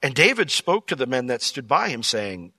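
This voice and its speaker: Animated man preaching a lively sermon. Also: mid-range voice, normal speed, dry recording. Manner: animated, acts out quoted lines in character. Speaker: pastor. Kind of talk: expository sermon.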